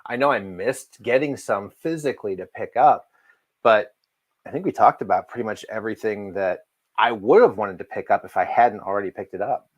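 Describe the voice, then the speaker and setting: A man's voice: on the low side, moderate pace, no room sound, muffled recording. A man co-hosting a comic book livestream, chatting in an easygoing way with frequent restarts. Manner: easygoing, stumbling restarts, self-mocking. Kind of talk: casual chat.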